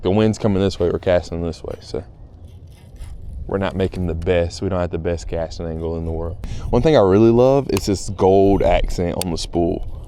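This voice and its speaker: A man chatting casually and excitedly to viewers outdoors by a pond while fishing. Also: sits low, a little hiss or hum. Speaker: fishing vlogger. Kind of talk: casual on-the-water vlog chat.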